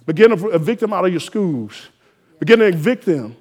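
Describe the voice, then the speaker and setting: A man preaching a sermon, exhorting his listeners and rising to loud emphatic peaks. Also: high voice, very animated, a little fast, husky. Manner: exhorting, call-and-response rising to shouted emphasis.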